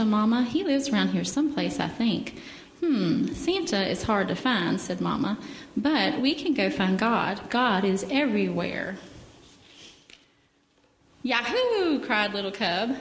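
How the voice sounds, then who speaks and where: Lady reading a kids' story at church, gentle and lively, echoey hall. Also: mid-range voice. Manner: gentle, animated, asks children questions. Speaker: children's story leader. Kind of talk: reading a picture book to children. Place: church sanctuary. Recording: echoey hall with faint ambience.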